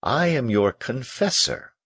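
A man voicing a probing, insistent male confessor in an audiobook, pressing with questions in a husky voice. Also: medium pitch, big pitch swings, slow, a bit bright, dry recording, pitched above the performer's own voice, exaggerated voice. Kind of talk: audiobook character reading.

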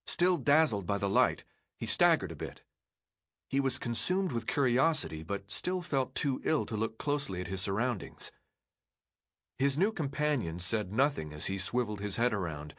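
Expressive male audiobook narrator. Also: mid-range voice, dry recording. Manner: expressive storytelling.

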